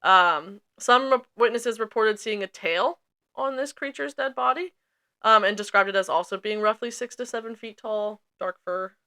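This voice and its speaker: A woman's voice: mid-range voice, normal speed. A woman co-hosting a podcast, chatting casually and reading from notes with frequent ums. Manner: relaxed, hesitant with frequent ums. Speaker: podcast co-host.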